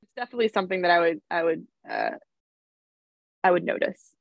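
A woman's voice: on the low side, quick pace, vocal fry, dry recording, highs cut off. Chatty young woman, dry close mic. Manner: chatty, many fillers like "um" and "like". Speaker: elementary school teacher, podcast guest. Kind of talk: casual podcast interview.

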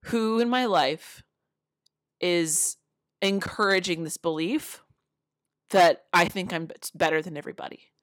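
A woman's voice: on the low side, a little slow, long pauses, dry recording, clean studio sound. A woman giving casual motivational talk to camera, earnest and full of fillers, streaming live from a phone at home. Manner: earnest, many fillers, with laughs. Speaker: motivational speaker. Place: city home.

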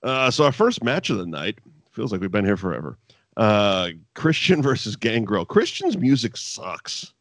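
A man's voice: on the low side, very animated, normal speed, no echo, clean studio sound. A man co-hosting a casual chat podcast reviewing wrestling, swearing freely and breaking into mock voices.

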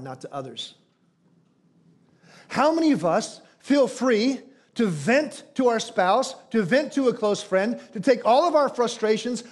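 A man with a noticeably high voice delivers a sermon as pastor. He preaches with emphasis, throwing out rhetorical questions and acting out quoted prayers. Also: darkish tone.

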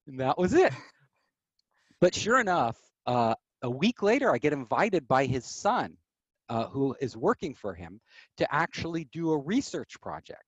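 A man telling stories as an interview guest, animated, acting out quoted voices. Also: mid-range voice, normal speed, breathy edge, no room sound. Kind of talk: casual storytelling.

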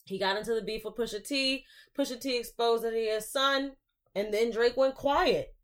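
A woman's voice: a little high, normal speed. A woman hosting a casual podcast, talking through her opinions in an easygoing conversational way. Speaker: podcast host.

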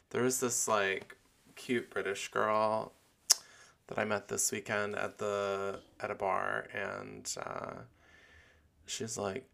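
A man's voice: on the low side, flat delivery, takes it slowly, creaky, a bit bright. A man hosting a casual solo podcast, rambling and playful with many fillers. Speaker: podcast host.

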